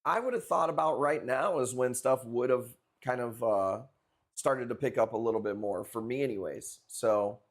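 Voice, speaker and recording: This casual livestream chat comes from a young Chicago-area man selling coral at a live auction. He speaks at normal speed in a mid-range voice, cursing offhandedly as he goes.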